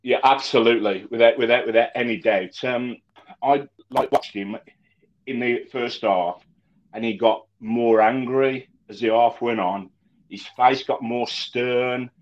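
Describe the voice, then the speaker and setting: A man co-hosting a casual football fan chat, talking in eager bursts full of restarts and repeated words. His voice sits at an ordinary pitch. The recording sounds muffled and lo-fi. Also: fairly even intonation, a little slow. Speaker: football podcast co-host.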